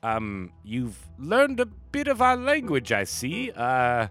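A man voicing an excitable, flustered male gnome artisan who talks in breathless, high bursts. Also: slow, faint music behind, exaggerated voice. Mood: awkward.

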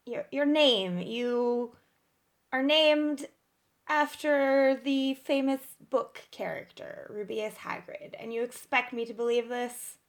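A woman's voice: fairly high pitch, slow pace. A woman playing her character in a tabletop game, dry and flirty, laughing often. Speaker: player. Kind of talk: tabletop role-play, in character.

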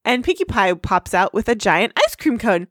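Bubbly female recap host, animated delivery, dead-dry sound. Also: normal speed, dry recording. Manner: bubbly, puts on squeaky high voices for quotes. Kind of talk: casual recap chat.

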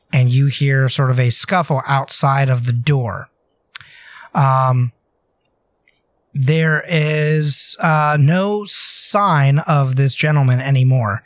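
A man's voice: fairly high pitch, steady tone, takes it slowly, soft background music. A man running a tabletop game as game master, narrating loosely with many hesitant fillers.

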